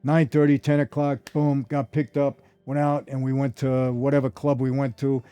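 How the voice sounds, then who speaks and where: An older man tells stories from his past in a casual, animated monologue, often turning to address his listeners directly. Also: medium pitch, normal speed, smooth. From New York. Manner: animated, addresses listeners directly, repeats "I gotta tell you". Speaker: former mobster telling stories.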